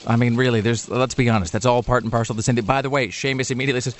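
A man's voice: mid-range voice, steady tone, racing, few pauses, slight background noise. A man hosting a radio talk show, bantering wryly and rambling through a sponsor read with plenty of fillers. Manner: rambling, wry, full of fillers.

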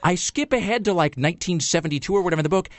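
Fast-talking animated male radio host. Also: high-pitched, a little hiss or hum. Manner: rambling, animated storytelling with many fillers. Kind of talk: casual radio banter.

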